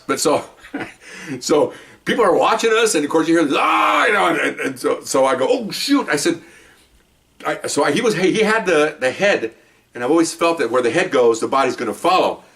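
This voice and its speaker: Animated older man telling cop stories. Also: far from the mic. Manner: animated, acts out scenes with sudden high yelps and laughs. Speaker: retired police officer telling stories. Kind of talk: casual storytelling.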